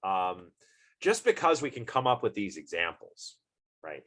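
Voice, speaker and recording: A man's voice: fairly low pitch, very animated, a little slow, fairly bright tone. A man lecturing on philosophy in an informal university class, thinking aloud through everyday examples and putting questions to the students.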